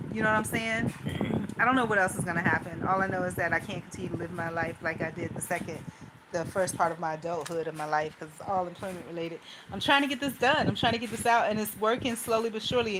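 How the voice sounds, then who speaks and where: A woman vlogger talks through her worries in a rambling, run-on way, anxious and restless. Her pitch sits in a middle range. A steady hiss of background noise runs under the recording. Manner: anxious, talks things out in loose run-on asides. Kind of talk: rambling personal venting monologue.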